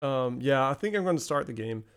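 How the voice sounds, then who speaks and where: A man's voice: medium pitch, animated, brisk, fairly bright tone, clear, resonant tone. A man streaming a video game live, chatting casually with many fillers and swear words.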